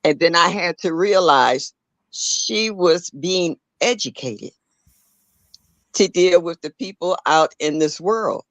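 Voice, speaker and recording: An older woman, a grandmother, calls into a casual live audio discussion to tell an earnest story, now and then restarting her sentences. Her voice is fairly low and expressive, her pace slow, and the recording dry.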